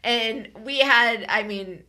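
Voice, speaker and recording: A woman's voice: a little high, slow pace. A woman co-hosting a podcast, telling personal stories in casual chat and acting out the voices of the people she quotes. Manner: animated storyteller, acts out quoted voices. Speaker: podcast co-host.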